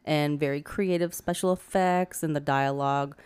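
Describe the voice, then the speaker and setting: A woman co-host with a fairly low voice gives an enthusiastic, casual review. The recording sounds dry and close, with no room echo. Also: steady tone, normal speed, darkish tone, smooth. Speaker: podcast co-host. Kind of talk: casual chat.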